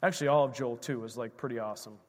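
A man preaching a sermon as pastor, animated, swinging from shouts to hushed asides. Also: medium pitch, racing, long reverb tail.

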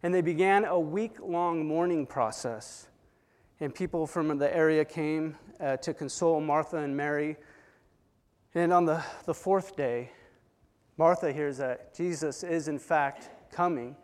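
A fairly high-voiced man preaching a sermon, telling the story with dramatic swings from hushed to loud. His voice rings with long reverb, as if in a large hall. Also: unhurried. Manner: dramatic retelling with swings between soft and loud.

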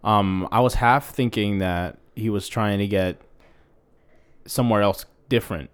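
A man's voice: on the low side, unhurried, clean tone. A man co-hosting a podcast in casual chat, musing and a little hesitant. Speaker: podcast co-host.

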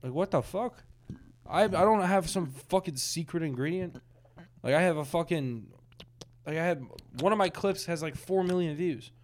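Blunt, profane comedian co-host. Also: male voice, fairly high pitch, moderate pace. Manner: profane, blunt, laughs often. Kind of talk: casual podcast chat.

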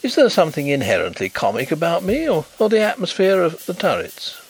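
A man voicing a cultured, wry, wealthy gentleman detective who speaks in a measured way. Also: a little high, very animated, vocal fry, slightly rough, soft background music, voice pushed up, exaggerated voice, poor audio.

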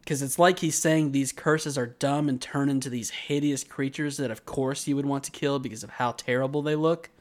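A man's voice: mid-range voice, normal speed, few pauses. A man co-hosting a podcast, telling a long anecdote in casual chat and acting out the people in it. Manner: rambling animated storyteller, acts out quotes. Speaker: podcast co-host. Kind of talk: casual chat, anime recap and storytelling.

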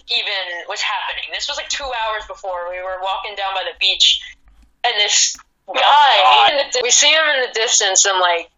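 A woman from a band telling a story in an interview, animated, full of "like" fillers. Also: mid-range voice, dull audio. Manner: animated, fillers like "like", laughs easily. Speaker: band member guest.

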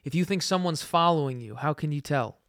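A man's voice: on the high side, brisk, fairly bright tone, dry recording. A young man as a podcast guest, chatting casually with dry, wry humor. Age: young adult. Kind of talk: casual chat.

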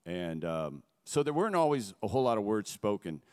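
A middle-aged man giving an earnest, halting personal testimony from a stage before a gathering. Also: fairly low pitch, big pitch swings, a little mellow, smooth. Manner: earnest, halting, emotional storytelling. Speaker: guest speaker. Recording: long echo of a large hall.

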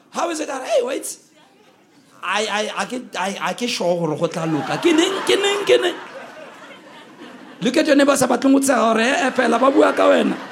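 A man preaching a sermon, with emphatic call-and-response delivery and shouted key lines. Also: very high-pitched, creaky, slight background noise.

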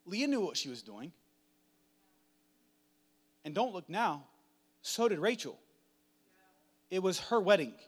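A man preaching a sermon in a dramatic, chatty way, swinging from hushed to loud. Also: high voice, very animated, slow pace, pauses often. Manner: conversational, uses "like" often.

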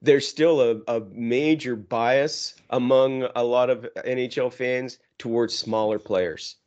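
Man, hockey podcast co-host, chatty, laughing, mid pitch, slightly muffled audio. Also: steady tone, slow pace, darkish tone. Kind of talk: casual hockey chat.

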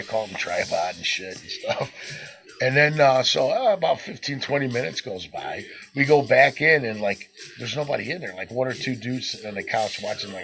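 A man's voice: lowish voice, creaky, sharp tone, poor audio. A man casually telling a crude party story on a podcast, swearing and laughing as he goes. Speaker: podcast co-host.

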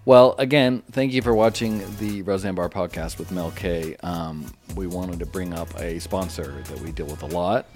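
A man's voice: deep voice, normal speed, few pauses, a little mellow, soft background music. A man co-hosting a podcast, chatting casually, reading a sponsor spot and mocking others in quoted voices. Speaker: podcast co-host. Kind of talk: casual chat and ad read.

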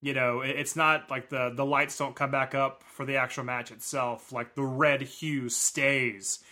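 Bright-voiced man reviewing wrestling. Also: measured pace. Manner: animated, mimics fans in high voices. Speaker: podcast co-host. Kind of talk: casual wrestling review chat.

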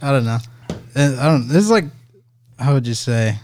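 A man's voice: mid-range voice, expressive, normal speed, a little mellow. A young man co-hosting a casual podcast who rambles through his stories with lots of fillers. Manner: rambling, filler-heavy storytelling. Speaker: podcast co-host. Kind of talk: casual chat.

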